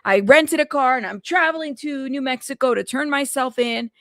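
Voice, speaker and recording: A chatty woman hosts a casual news livestream, talking to her chat with plenty of fillers. Her voice is fairly high with a gravelly edge, and it sounds close and dry. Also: moderate pace, fairly bright tone, dry recording. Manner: chatty, talks to live chat, many fillers. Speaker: news show host.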